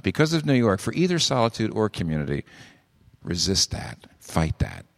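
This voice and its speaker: Lowish-voiced man preaching in a hall. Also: wildly swooping pitch, normal speed, gravelly. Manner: conversational preaching with frequent restarts and rhetorical questions. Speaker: pastor. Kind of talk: sermon.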